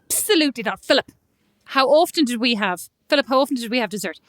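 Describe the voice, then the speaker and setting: A woman's voice: on the high side, animated, quick pace, no echo, studio quality, natural voice. A woman with an Irish accent imitating her older mother, defending the family's dessert habits. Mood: indignant.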